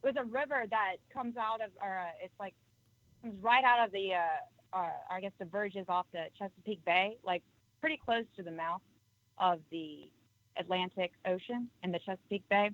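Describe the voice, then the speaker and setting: A woman's voice: medium pitch, moderate pace, no echo, dull audio. A woman phoning in to a radio show, telling a story hesitantly with many ums. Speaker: caller. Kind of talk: phone-in storytelling.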